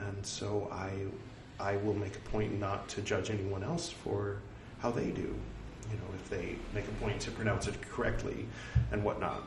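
Casual low-voiced Californian man, rambling and self-mocking, off-mic in an echoey room. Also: far from the mic, noisy background. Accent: Californian American. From California, United States. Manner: rambling, self-deprecating, jokey. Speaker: host reading a religious text. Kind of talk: casual spoken aside.

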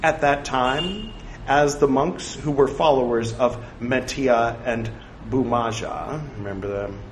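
A man reading scripture aloud, saying the quotes and punctuation out loud and breaking off for chatty side remarks. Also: mid-range voice, slow pace. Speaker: scripture reader. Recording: echoey room with faint background noise.

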